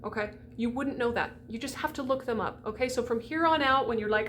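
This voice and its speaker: A woman's voice: a little high, a little fast, a bit bright, slight background noise. Chatty, emphatic woman voice coach. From United States. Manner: chatty, emphatic, demonstrates sounds aloud. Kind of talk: pronunciation lesson for singers.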